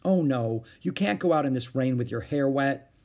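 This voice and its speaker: A man's voice: mid-range voice, lively intonation, normal speed, darkish tone, close to an everyday voice. A man doing a flustered, firm mother. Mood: weary. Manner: anxious yet firm.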